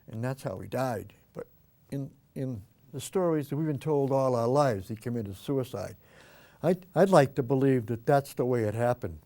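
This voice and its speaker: A man's voice: medium pitch, warm tone. An older man hosting an art show, chatting casually and telling rambling stories while he demonstrates painting.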